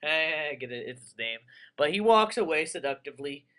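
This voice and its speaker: A man's voice: on the high side, normal speed, clean tone. Rambling young man playing a game. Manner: rambling, excitable, crude jokes. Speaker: let's player. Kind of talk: casual game commentary.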